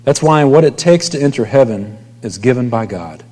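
A man's voice: medium pitch, expressive, normal speed, warm tone. A male pastor preaching a sermon in a conversational way, often trailing off to near whispers at the ends of lines. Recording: long hall reverb.

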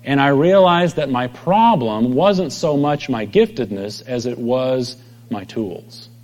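A middle-aged pastor giving a conversational sermon, telling stories and acting out quoted voices. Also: male voice, medium pitch, lively intonation, slow, darkish tone. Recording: long hall reverb.

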